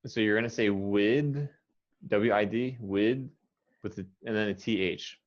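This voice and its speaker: American male ESL teacher, low voice, patient corrective delivery, muffled lo-fi call audio. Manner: patient, corrective, models words slowly. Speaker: English pronunciation teacher. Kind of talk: one-on-one pronunciation lesson.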